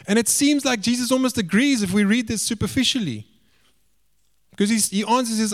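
Guy preaching a sermon, animated, goes up loud then drops way down quiet. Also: a little fast. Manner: animated, swings between raised emphatic lines and hushed low asides.

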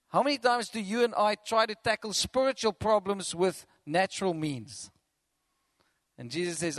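A man preaching a sermon as pastor, animated, acting out quotes and chuckling between points. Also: high-pitched, normal speed, dry recording.

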